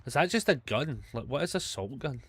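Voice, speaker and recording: A man's voice: medium pitch, animated, a bit bright, a little hiss or hum. A man with a Scottish accent chatting casually through a live gameplay stream, swearing often and joking at his own mistakes. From Scotland. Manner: chatty, swears a lot, quick to self-mockery. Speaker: gaming streamer.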